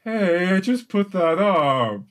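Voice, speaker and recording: A man game master voicing a dim, naive male ogre who asks slow, puzzled, childlike questions in a tabletop role-play. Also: sits high, very animated, fairly bright tone, pitched above the performer's own voice, full character voice. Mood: confused, naive.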